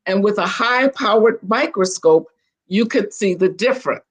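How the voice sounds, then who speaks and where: An older woman tells stories as a guest over a video call. She is animated and chatty, often breaking off to restart a sentence, at a middling pitch. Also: moderate pace. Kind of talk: casual storytelling on a video call.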